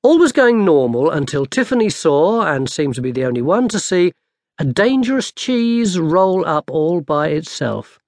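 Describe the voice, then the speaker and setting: Lively man narrating a storybook. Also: on the high side, moderate pace, no echo, clean studio sound. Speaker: audiobook narrator. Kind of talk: scripted narration.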